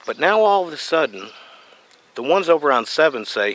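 A man giving a folksy, animated how-to explanation as a beekeeping vlogger, outdoors. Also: on the high side, moderate pace, a little hiss or hum. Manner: folksy, animated, playful asides. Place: outdoors by a tree and truck.

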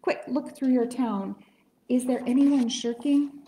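A woman's voice: high voice, measured pace, mellow. A woman voicing a kind, loyal male elephant in a read-aloud storybook, calling out with pleading urgency. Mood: anxious. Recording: echoey room.

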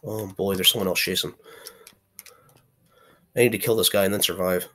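A man's voice: sits low, steady tone, normal speed, a bit bright. A young man giving casual gameplay commentary, chatty and playfully trash-talking, now and then yelping in frustration. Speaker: gaming channel host.

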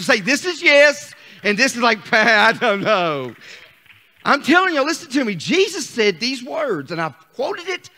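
Older pastor man preaching hard, high voice that swoops all over, calls out to the church. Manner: fervent, calls on the congregation, rising to shouts. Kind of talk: sermon.

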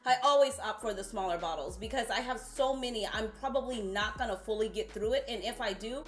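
A woman's voice: on the high side, a little fast, echoey room. A woman chatting straight to her viewers in a casual perfume review vlog.

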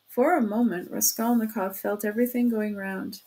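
A woman narrating a classic novel as an audiobook in a steady, measured storytelling manner. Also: mid-range voice. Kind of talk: audiobook reading.

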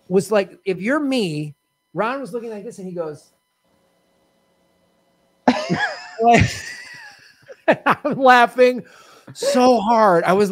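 A man's voice: high voice, no echo. A man hosting a comedy quiz show, telling a road-trip story with lots of laughter. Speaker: game show host. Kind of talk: casual comedy podcast chat.

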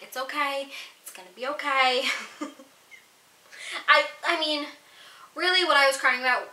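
A woman's voice: a little high, sharp tone, echoey room, rough recording. A young woman in her twenties chatting casually through a pregnancy Q&A vlog, giggly and full of fillers. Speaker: vlogger.

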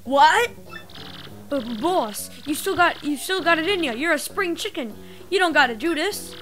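A woman's voice: high voice, expressive, measured pace, a bit bright, soft background music. A woman voicing a young male mob henchman from a video game, using streetwise slang. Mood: protesting. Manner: streetwise slang with dropped words.

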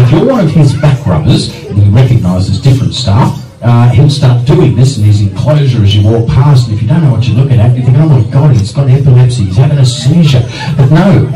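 A man's voice: medium pitch, dark tone. A man, a reptile park keeper, presenting animals live to an audience with jokey, dry humour. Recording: echoey, from far off, faint music.

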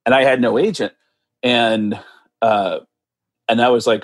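Animated male comedian telling stories. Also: medium pitch, a little slow, a little hiss or hum. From United States. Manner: animated, acts out other people's voices in quotes. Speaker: podcast guest, comedian and impressionist. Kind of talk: casual storytelling.

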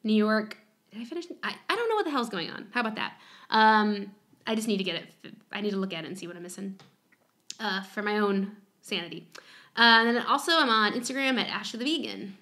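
Bright, lively woman co-host. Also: medium pitch, fairly quick. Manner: rambling, self-deprecating, giggly. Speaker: podcast co-host. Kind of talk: casual chat.

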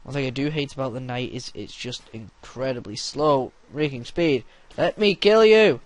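Young male gameplay commentator, crude and loud, shouts battle cries. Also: medium pitch, moderate pace, no room sound.

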